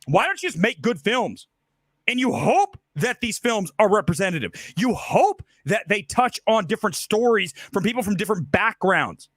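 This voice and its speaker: Heated, ranting man with a lively pitch. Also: normal speed, dry recording, clean studio sound. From Ohio. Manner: heated, emphatic, repeats rhetorical questions. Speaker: film commentary host. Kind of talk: ranting monologue.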